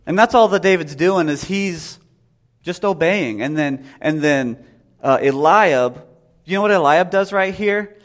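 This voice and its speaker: Male preacher, thirties, chatty sermon delivery, slightly higher-pitched voice. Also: animated, measured pace. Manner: conversational, acts out voices. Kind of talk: casual sermon.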